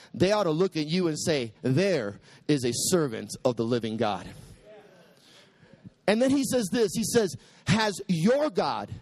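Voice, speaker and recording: A male preacher delivers his sermon in a high, lively voice that leaps up and down. He quotes scripture with dramatic flair and climbs to shouted peaks. The sound is dry and close, with no room echo. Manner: preaching with soaring pitch and sudden shouted peaks.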